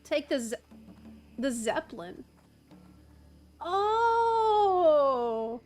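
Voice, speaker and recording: High-voiced woman streamer in her thirties. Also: very animated, extremely slow, a little mellow, faint music behind. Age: 30s. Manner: chatty, laughs often, swears casually, replies to chat. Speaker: game streamer. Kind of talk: casual live-stream chat while gaming.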